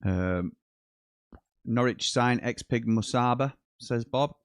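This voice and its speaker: This watchalong host speaks slowly in a smooth, mid-range voice, recorded cleanly in a studio without echo. He chats through a live football match, reads out viewers' live chat messages between commentary, and gets excited at goals.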